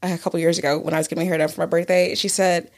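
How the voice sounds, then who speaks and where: A woman's voice: on the low side, flat delivery, rapid-fire. A young woman in her twenties co-hosting a casual chat podcast, blunt and teasing as she tells stories. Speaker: podcast co-host.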